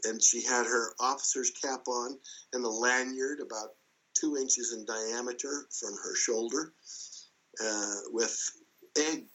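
A man as an interview guest, casually telling a story in a lively way and chuckling as he goes. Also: medium pitch, low-quality recording.

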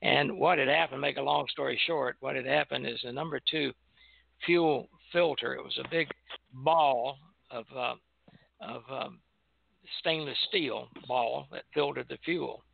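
An older man, a retired airline pilot, telling relaxed anecdotes on a call-in show and chuckling as he goes. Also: medium pitch, measured pace, gravelly, no echo. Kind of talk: casual reminiscing on a call-in show. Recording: tinny phone line.

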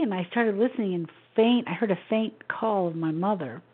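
A woman in her sixties tells a personal story as a radio guest, soft-spoken and halting, with small laughs between thoughts. Her voice sits at an ordinary pitch for a woman. It comes through a thin, tinny phone line. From Memphis, Tennessee, USA. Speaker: guest author.

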